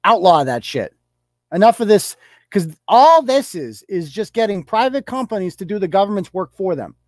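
A man on his podcast, ranting hard with profanity and sarcasm. His voice sits a little higher than most men's, and the sound is dry and close with no room around it. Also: very animated, moderate pace, dry recording. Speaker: podcast host. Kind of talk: ranting political commentary.

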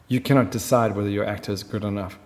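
A man's voice: on the low side, steady tone, quick pace, a little mellow, big-room sound. A man talking as a film director in an interview, chatty and full of fillers. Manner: chatty storyteller, many fillers. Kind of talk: conversational interview.

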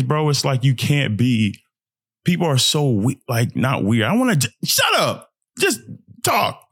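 A young man, a pro basketball player, talking casually and motivationally about mindset, breaking into high-pitched joking voices. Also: dry recording, clean studio sound. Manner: animated, swings into high joking voices and trash talk.

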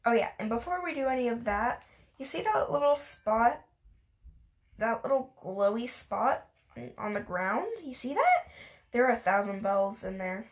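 A woman's voice: on the high side, lively intonation, moderate pace. A woman chatting through a life-sim game, tired, chatty and easily sidetracked, mocking herself as she plays. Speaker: gaming video creator. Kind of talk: casual gameplay commentary.

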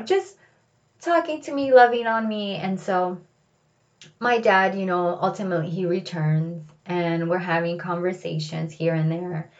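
Woman telling a story about her family, chatty and animated, lots of likes, kinda dull lo-fi audio. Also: fairly low pitch. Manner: casual, animated, many fillers. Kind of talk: personal story.

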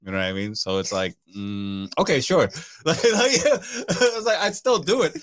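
A man's voice: a little high, unhurried, dry recording, clean studio sound. A man in casual podcast chat, swearing freely and laughing through his stories. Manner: profane, laughs often, animated storytelling.

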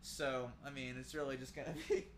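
A man's voice: medium pitch, steady tone, fairly quick, slight background noise. A man co-hosting a podcast in a loose, rambling casual chat, swearing freely. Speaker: podcast co-host.

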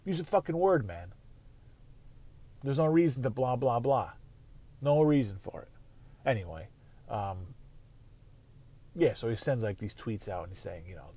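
A man's voice: medium pitch, animated, moderate pace, pauses often, mellow, breathy edge. A man hosting a casual solo sports podcast, rambling and swearing freely. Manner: rambling, profane, conversational. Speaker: podcast host.

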